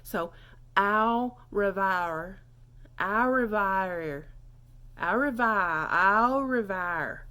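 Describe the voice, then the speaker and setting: Woman playing a prim chatty lady, slow drawl, over-enunciated phrases, folksy politeness, comic character monologue. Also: mid-range voice, fairly bright tone, lightly acted.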